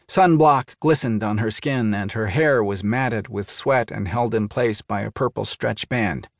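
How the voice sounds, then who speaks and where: A man narrating a first-person thriller audiobook in a measured, even storytelling manner. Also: on the low side, gravelly, no room sound, studio quality.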